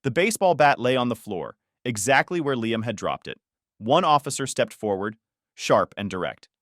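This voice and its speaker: Telling his own story in the first person, this male narrator is very animated, building tense, dramatic scenes through wide swings in pitch at a normal speed. The sound is slightly bright, dry, and close, with no echo or room around it.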